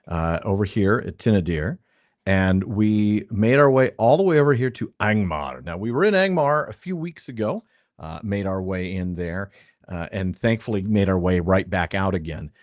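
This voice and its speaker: A man's voice: lowish voice, expressive, moderate pace, dry recording, clean studio sound. A man hosting a game stream, chatting casually and thinking aloud as he plays. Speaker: streamer and podcast host. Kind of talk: casual gameplay commentary.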